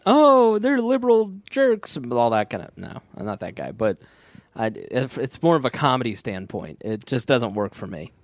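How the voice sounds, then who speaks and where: A man's voice: fairly low pitch, animated, moderate pace, no room sound. A man hosting a podcast, hesitant and self-correcting as he steers the talk. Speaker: podcast host. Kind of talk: casual political chat.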